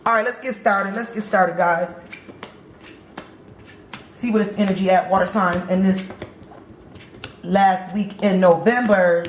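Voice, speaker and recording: A woman's voice: mid-range voice, fairly even intonation, measured pace, long pauses, echoey room, a little hiss or hum. A woman giving a casual tarot reading and talking straight to her viewers in a chatty, repetitive way. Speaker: tarot reader.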